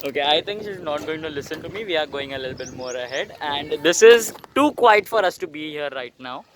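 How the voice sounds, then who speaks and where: A young man with an Indian English accent, vlogging outdoors while riding a bicycle through flooded streets, excitable and swearing a lot. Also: a little high, a little fast. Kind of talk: casual vlog commentary.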